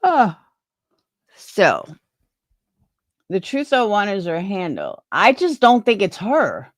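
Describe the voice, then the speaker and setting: A woman's voice: mid-range voice, huge pitch swings, slow, dry recording, studio quality. A woman live streamer chatting casually with her viewers, opinionated and rambling, restarting her sentences.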